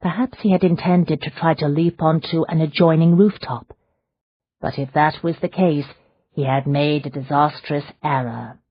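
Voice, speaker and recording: A woman reads a novel aloud in a measured, dramatic storytelling manner, her voice low and husky. The sound is close and dry, with a slightly dull, muffled tone. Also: dry recording. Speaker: audiobook narrator. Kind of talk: scripted narration.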